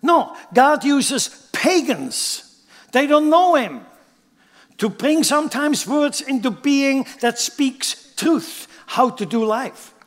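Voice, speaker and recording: Male pastor, higher register, emphatic sermon delivery with rhetorical questions, reverberant sanctuary. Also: expressive, slow. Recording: long hall reverb.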